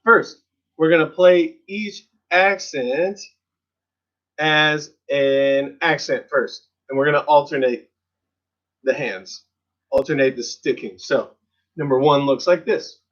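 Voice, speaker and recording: Drum teacher guy, kinda high voice, counts beats out loud, chill and encouraging, muffled recording. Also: takes it slowly. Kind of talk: online drum lesson with counting along. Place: percussion studio.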